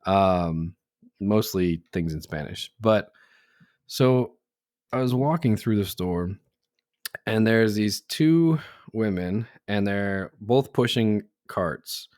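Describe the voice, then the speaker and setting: A man's voice: lowish voice, animated, slow pace, darkish tone, dry recording, clean studio sound. A man co-hosting a casual podcast, telling anecdotes, laughing often and acting out the people he quotes. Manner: laughs through his stories, acts out quoted voices. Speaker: podcast co-host. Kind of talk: casual chat.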